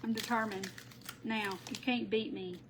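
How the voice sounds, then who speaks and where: A woman's voice: fairly high pitch, steady tone, measured pace, noisy background. A woman hosting a casual craft livestream, chatting and laughing with viewers by name while she works. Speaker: craft tutorial host.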